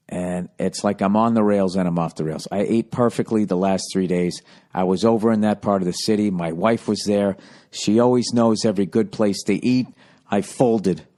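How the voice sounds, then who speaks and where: A man hosting a comedy podcast who tells a rambling story, swearing constantly and getting loud and worked up as he goes. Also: sits low. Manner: gets loud and worked up while telling a story.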